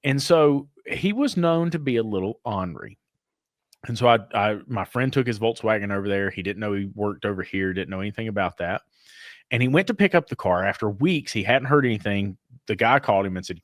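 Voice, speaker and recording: A man co-hosts a relaxed business chat, telling stories in a voice that rises and falls a lot. He acts out the people in his anecdotes. The sound is dry and close. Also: fairly low pitch, fairly quick, no room sound. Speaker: podcast co-host. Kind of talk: casual storytelling chat.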